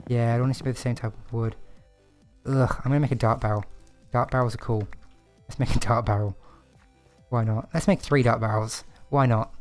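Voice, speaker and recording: A man's voice: mid-range voice, a little mellow. A man streaming a game, chatting to himself and his viewers in a casual, self-deprecating way. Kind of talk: casual gameplay commentary.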